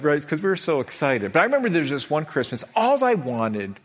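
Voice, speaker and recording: A man's voice: medium pitch, brisk, hardly any pauses, husky. A middle-aged man preaching a sermon as a pastor, telling stories with lots of animation, repeating himself and restarting lines. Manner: animated storytelling, frequent repetitions and restarts.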